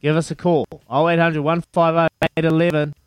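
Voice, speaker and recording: A New Zealand man hosting breakfast radio, bubbly and matey, calling his callers mate and laughing along. His voice sits a little high. The sound is close and dry. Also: level tone, brisk, clean tone, no room sound, soft background music. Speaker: radio breakfast show host. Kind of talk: lively radio quiz banter.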